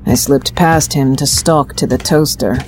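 A woman reads first-person narration for an audio drama. Her voice is very low for a woman, and she keeps a steady, even storytelling pace. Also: measured pace, slight background noise.

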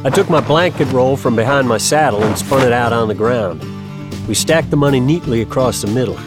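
A man reading a first-person western story aloud, in a steady, even storytelling manner. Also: mid-range voice, brisk. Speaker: audiobook narrator. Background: guitar music.

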